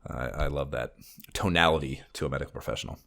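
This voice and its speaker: A man's voice: rumbling low, fast talker, creaky, a bit bright. A man co-hosting a casual gaming podcast, with dry, mock-pompous wit and frequent laughter. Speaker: podcast co-host. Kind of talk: casual chat.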